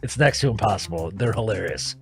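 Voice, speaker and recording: A man's voice: lowish voice, animated, fairly quick, vocal fry, soft background music. A man co-hosting a live cruise chat stream, chatting casually and laughing along.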